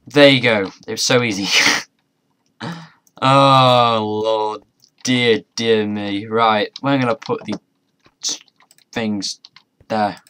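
This young gamer's mid-range voice is bright, forceful, clear, and resonant as he commentates on a modded game. He chats, mutters to himself, and swears mildly, while faint keyboard and mouse clicks can be heard.

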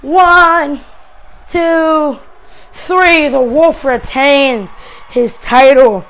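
A high-pitched woman calls a wrestling match in a game move by move. She is excitable and breaks into shouts whenever a big move lands. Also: extremely slow, low-quality recording. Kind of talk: play-by-play commentary.

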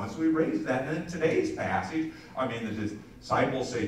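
This male pastor has a mid-range, expressive voice and speaks briskly with hardly any pauses, over slight background noise. He preaches conversationally to his congregation, repeating words, restarting phrases, and breaking off for asides to listeners. The recording catches him from a distance in an echoey church sanctuary.

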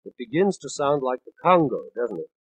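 A man's voice: medium pitch, sing-song, normal speed, slightly rough, no echo, rough recording. A man in his thirties giving a scripted spoken lecture on music for a 1950s studio record, explaining patiently and counting out beats in rhythm. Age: 30s.

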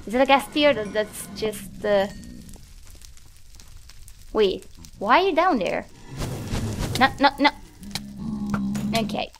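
A young woman commentating her own gameplay, nervous and easily startled, yelping at scares and talking herself calm. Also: on the high side, slow pace, pauses often, faint music behind. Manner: jumpy, nervous, yelps and laughs at scares. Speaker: Minecraft let's-play host.

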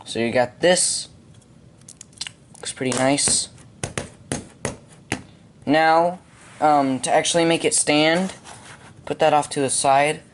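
A man giving step-by-step building instructions at home, halting with frequent ums. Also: on the high side, fairly even intonation, slight background noise. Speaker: hobby video maker.

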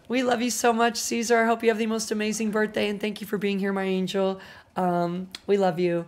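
A woman streamer chatting casually while gaming, excitable, swearing freely and gushing thanks to her viewers. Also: mid-range voice, a little fast, noisy background. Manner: excitable, swears a lot, gushes over viewers. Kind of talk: casual game livestream chatter.

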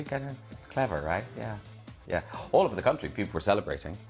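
Irish male chat show host, wry and teasing, lively pitch, faint music behind. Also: fast talker. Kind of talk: scripted monologue and interview. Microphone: video call from home.

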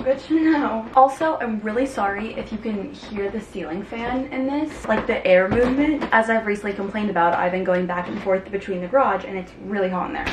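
A young woman from Arizona chatting in a casual vlog while packing, talking with lots of fillers and venting her frustration. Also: on the high side. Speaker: vlogger. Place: apartment and home rooms, at times in a car. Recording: faint fan and room hum.

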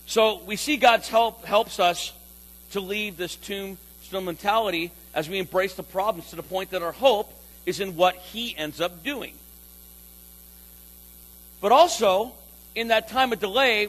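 A man preaching a sermon in a playful, animated way, acting out phrases with sudden loud bursts. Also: sits high, poor audio. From California. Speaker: pastor.

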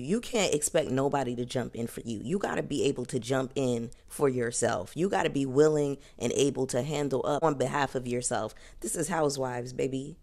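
A woman with a strikingly deep voice rants through a casual reality-show review. She is sassy and emphatic, hammering her points with repetition and quick asides. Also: gravelly, darkish tone. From New York area. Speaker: reality TV commentator.

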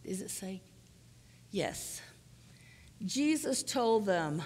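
A woman preaching a sermon in an earnest, emphatic, measured teaching manner. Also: mid-range voice. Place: church sanctuary. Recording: church sanctuary with long reverb.

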